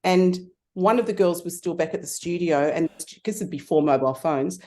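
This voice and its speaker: Animated woman telling lively anecdotes. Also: a little fast. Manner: animated storyteller, acts out voices with big pitch jumps. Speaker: guest. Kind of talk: casual interview storytelling.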